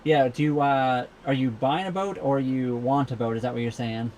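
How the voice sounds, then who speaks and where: A young Canadian man hosts a loose live Q&A from a docked sailboat, chatting and rambling with plenty of ums. His voice sits at an ordinary middle pitch. A faint noise hangs behind him. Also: normal speed, a little mellow. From Saskatchewan, Canada. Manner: rambling, easygoing, many fillers. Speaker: livestream host. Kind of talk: casual live Q&A chat. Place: cabin of a sailboat docked at a marina.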